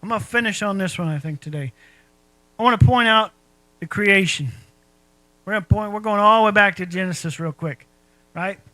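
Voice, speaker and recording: A man's voice: high voice, a little fast, pauses often, bright, forceful tone, dry recording, rough recording. A man preaching a sermon in a folksy, conversational way, asking his listeners rhetorical questions. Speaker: pastor.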